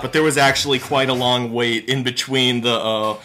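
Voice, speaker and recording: A man hosting a video game reaction channel, talking excitedly and rambling through reactions and gameplay analysis at home on a built-in laptop mic. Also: medium pitch, normal speed. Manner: excitable, exclamatory, rambling with fillers.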